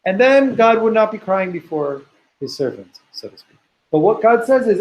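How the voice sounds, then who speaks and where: A man's voice: high voice, big pitch swings, fairly quick, darkish tone, rough recording. A man teaching a Torah class to students in a classroom. He reads Hebrew text aloud, explains it thoughtfully, and repeats words as he works through ideas.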